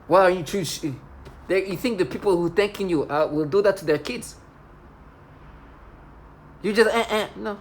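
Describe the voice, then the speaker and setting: A woman's voice: mid-range voice, normal speed, pauses often, slight background noise. A woman in an agitated, accusatory monologue, rambling and restarting as she vents to the camera. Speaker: video blogger.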